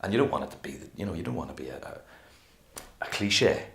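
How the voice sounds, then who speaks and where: Deep-voiced man in an echoey room. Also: brisk, vocal fry. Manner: animated, rambling, acts out quotes. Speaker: actor and interview guest. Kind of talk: casual interview talk.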